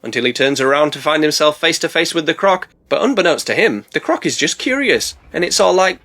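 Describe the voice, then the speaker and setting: A man narrating a comedic film recap, sarcastic and deadpan, full of puns. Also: fairly high pitch, fast talker, few pauses. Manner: sarcastic, punning, deadpan asides. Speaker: film reviewer.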